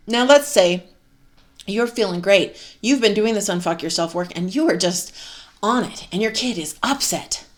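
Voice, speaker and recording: A woman, a mother with a husband, giving a candid, profane motivational self-help talk as host, laughing and sighing as she goes. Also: a little high.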